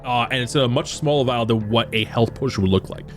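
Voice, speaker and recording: A man in a mid-range voice guiding players through a tabletop game, relaxed and talkative, with light music underneath. He rambles a little and laughs easily between descriptions. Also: mid-range voice, fairly quick. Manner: loose, laughing narration with fillers. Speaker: game master.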